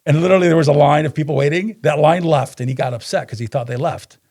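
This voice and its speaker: On a podcast, a male business co-founder relates stories in a relaxed interview setting, animatedly voicing the dialogue. His pitch is fairly high and his pace quick.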